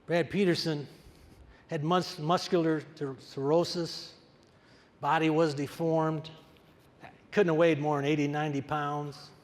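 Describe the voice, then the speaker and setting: A man's voice: on the high side, normal speed. An older man, a wrestling coach, giving a storytelling speech and acting out the dialogue with energy. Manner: animated, acts out the dialogue. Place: large conference hall. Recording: reverberant hall.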